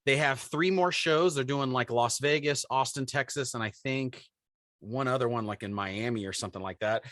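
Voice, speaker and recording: A man in his forties telling a story on a podcast in casual chat, animated and acting out the voices of people in it. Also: mid-range voice, moderate pace, no echo, studio quality. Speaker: podcast co-host.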